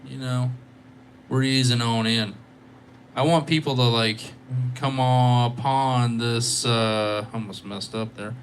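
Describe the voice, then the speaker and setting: A man's voice: mid-range voice, fairly even intonation, slow, slight background noise. Tired, joking man chatting on a livestream. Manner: rambling, joking, playful. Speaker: livestreaming guitarist. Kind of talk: casual live-stream chat with viewers. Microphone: microphone.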